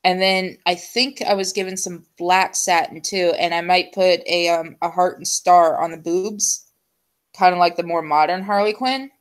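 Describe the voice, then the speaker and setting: A young adult woman hosting a casual chat show, rambling and hesitant with many ums and pauses. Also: lowish voice, fairly even intonation, clear, resonant tone. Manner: chatty, full of ums and trailing pauses. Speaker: show host.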